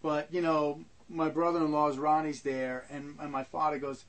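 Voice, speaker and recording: A man's voice: a little high, little pitch movement, moderate pace, hardly any pauses, a bit bright. An older man telling personal stories in a rambling way, full of repetitions and asides. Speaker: storyteller. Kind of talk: personal storytelling.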